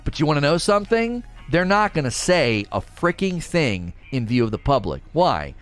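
A young man streaming, ranting indignantly in a casual, animated way, sometimes mocking others in quoted voices. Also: fairly high pitch, moderate pace, soft background music. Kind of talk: casual livestream rant.

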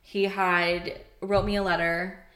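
A young woman telling a personal story in casual chat, candid and animated, swearing and filling her talk with "like". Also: lowish voice, slow, roomy sound. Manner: candid, animated, swears freely, many fillers.

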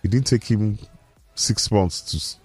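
Very deep-voiced Nigerian man bantering. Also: measured pace, slightly rough, no room sound, faint music behind. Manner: joking, laughs often, slips into pidgin. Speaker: co-host of a sports radio show. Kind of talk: casual sports banter.

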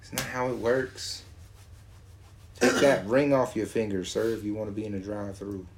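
A man from Georgia, talking in a profane, mocking, animated casual rant. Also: lowish voice, normal speed, slight background noise.

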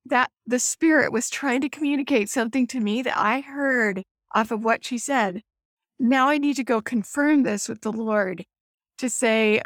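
A woman's voice: fairly high pitch, normal speed, no room sound, studio quality. A woman hosting a faith-based discussion among mothers over a video call, speaking in an affirming, heartfelt way. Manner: warm-hearted, affirming, emotional at times. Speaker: host.

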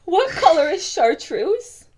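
A woman's voice: extremely high pitch, sing-song, slow, background noise. A young woman co-hosting a casual podcast chat, profane and laughing, teasing in mock exasperation. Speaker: podcast co-host.

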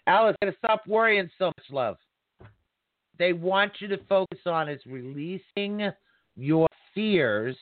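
A man hosting a live call-in psychic reading show, chatty and quick to laugh. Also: fairly high pitch, no room sound. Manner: chatty, warm-toned addresses, laughs often. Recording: dry tinny phone-line sound.

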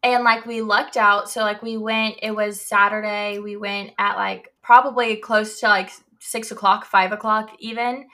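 A young woman co-hosts a casual podcast with a bright, clear tone. She talks in a loose, rambling way, full of "like" and "you know". She sounds relaxed and conversational. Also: mid-range voice, moderate pace, hardly any pauses. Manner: chatty, many fillers like "like" and "you know". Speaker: podcast co-host. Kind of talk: casual chat.

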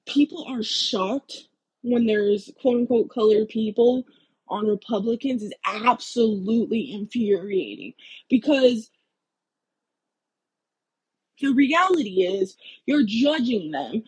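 A woman's voice: fairly high pitch, expressive, slow, long pauses, breathy edge, low-quality recording. A woman vlogger giving a heated, blunt political rant full of swearing. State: out of breath.

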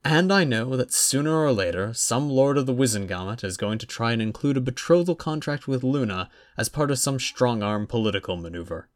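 A man voicing a calm middle-aged lord and father who lists his reasons in a measured, deliberate way. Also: mid-range voice, voice pushed up, lightly acted. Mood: persuasive.

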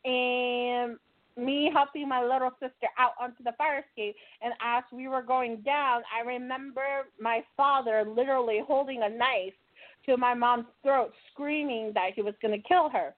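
A woman with a slightly high voice recounts her childhood in a plainspoken, earnest testimony, often pausing to check in with the listener. The sound is thin and tinny, like a phone line. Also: steady tone. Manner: earnest, plainspoken, with fillers like "right?". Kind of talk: personal testimony.

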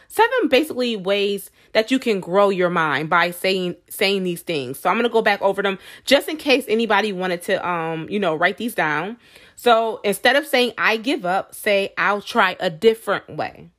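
A woman's voice: medium pitch, fairly bright tone. A woman hosting a podcast, talking to her listeners in a casual motivational monologue. She fills her speech with "like" and "you know" and calls her listeners "y'all.". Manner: chatty, many fillers like "like" and "you know". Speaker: podcast host.

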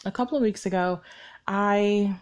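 A woman's voice: mid-range voice, normal speed, darkish tone, clear, resonant tone. A young woman hosting her own podcast, talking candidly and reflectively about her week. She rambles, corrects herself often, and says she is short on sleep. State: sleep-deprived. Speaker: podcast host. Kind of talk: personal reflective monologue.

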